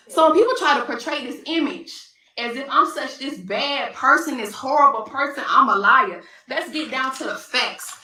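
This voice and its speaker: A woman vlogger rants directly to camera, emphatic and repeating phrases for effect. Her high voice is pushed and bright, picked up by a distant mic in an echoey room.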